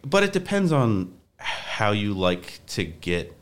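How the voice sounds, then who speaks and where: A young man appears as a podcast guest, talking casually and rambling, restarting often and saying "like" a lot. His voice is on the low side and sing-song, and he takes his time.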